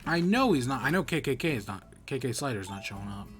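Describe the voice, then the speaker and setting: A man's voice: mid-range voice, sing-song, fast talker, fairly bright tone, faint music behind. A man streaming a video game, chatting casually in rambling, self-correcting bursts. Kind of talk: casual gameplay commentary.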